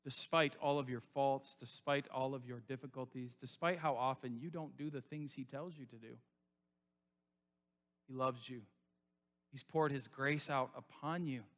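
A male pastor preaching a sermon to his church, repeating phrases and swinging between loud rising appeals and soft hushed lows. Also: fairly even intonation, unhurried.

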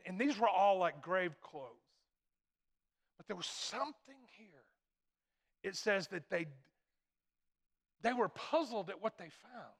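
A man preaching with a notably high-pitched voice. He is a middle-aged pastor who delivers his sermon emphatically, circling back over key phrases to drive them home. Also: a bit bright.

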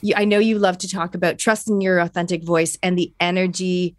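A woman hosting a podcast, talking in an earnest, reflective, halting way. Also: on the low side, fairly even intonation, no room sound, studio quality. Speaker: podcast host. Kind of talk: casual podcast chat.

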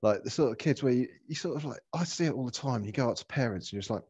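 A man's voice: medium pitch, lively intonation, very fast, darkish tone, husky. A man giving a sweary, opinionated rant in casual chat. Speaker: podcast co-host.

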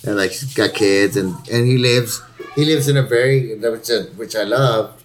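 A middle-aged man in casual chat as a podcast co-host, talking loosely and profanely, peppering his speech with "like" and quick laughs. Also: on the low side.

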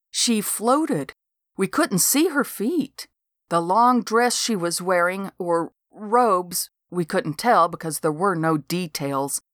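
A woman's voice: medium pitch, no echo, clean studio sound. A woman narrating a folksy first-person story in a wry storytelling manner, scripted audiobook reading.

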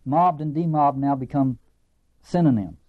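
A man with a Southern American accent giving a literature lecture, earnest and emphatic, slow and deliberate, then quick. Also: mid-range voice. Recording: dull lo-fi lecture recording.

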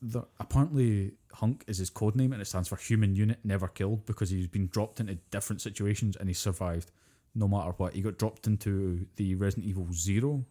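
A man, co-hosting a podcast and retelling a video game's story in casual, animated chat, swearing freely as he goes. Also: lowish voice, brisk, hardly any pauses. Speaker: podcast co-host.

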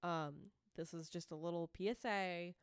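A woman's voice: on the low side, fairly even intonation, normal speed, smooth, dry recording. Boston-accented woman, dry close sound. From Massachusetts. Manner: chatty, laughs often, earnest when serious. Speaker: podcast co-host. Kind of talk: casual chat.

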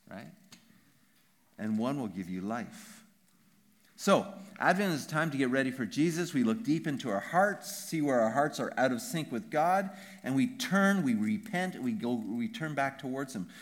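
A man preaching a sermon as pastor, emphatic and animated, often checking in with the congregation with quick "right?" asides. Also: mid-range voice.

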